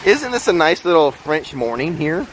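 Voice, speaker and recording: A man with a fairly high, sing-song voice live-streams a stroll through a theme park, rambling casually to his viewers beside a fountain at normal speed. Wind and splashing water fill the background, and the recording quality is low.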